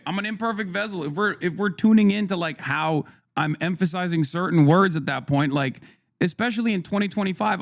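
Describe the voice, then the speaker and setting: A man's voice: on the high side, creaky, no room sound, clean studio sound. A man streaming live and talking casually to his chat, profane and conversational, reading viewer comments aloud and arguing back. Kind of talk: casual livestream talk to chat.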